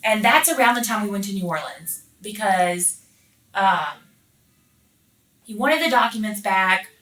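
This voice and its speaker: A woman's voice: medium pitch, animated, unhurried, fairly bright tone. A woman being interviewed, telling a rambling story in casual chat, full of swearing and fillers like "like" and "you know". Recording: roomy echo, mic at a distance.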